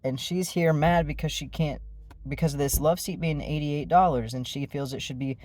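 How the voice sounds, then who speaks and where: A vlogger tells a rambling story to the camera, full of fillers and restarts. His voice is fairly high and darkish, with a steady tone and a moderate pace, and the sound is dry with no room echo.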